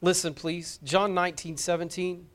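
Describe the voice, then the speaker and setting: A man's voice: high-pitched, little pitch movement, moderate pace, fairly bright tone. A man preaching a sermon as pastor, earnest and impassioned, appealing directly to his congregation.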